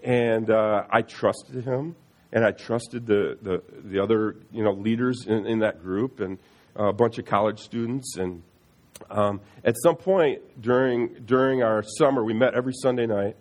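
Husky-voiced middle-aged man telling a story. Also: fairly low pitch. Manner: halting, earnest, frequent restarts and repeated words. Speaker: speaker sharing a personal testimony. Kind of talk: personal faith testimony, storytelling.

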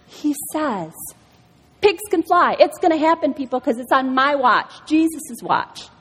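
A woman's voice: high voice, moderate pace. A middle-aged woman giving a personal testimony sermon at a church, telling stories and acting out the voices in them. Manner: animated storytelling, acts out quotes. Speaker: speaker at a church service. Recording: reverberant hall.

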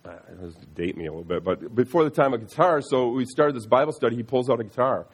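A middle-aged man with a husky, slightly breathy voice tells his personal faith story at an ordinary, mid-range pitch. He speaks earnestly and haltingly, with frequent restarts and repeated words. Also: lively intonation. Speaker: speaker sharing a personal testimony.

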